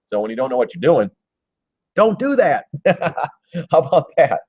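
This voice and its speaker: Guy rambling on a trading livestream, joking, mellow low-key voice, dull lo-fi audio. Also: very animated, a little slow, breathy edge, dry recording. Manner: chatty and joking, with frequent restarts. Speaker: stock trader hosting a live stream. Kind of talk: casual live-stream market commentary. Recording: dull, lo-fi, dry stream audio.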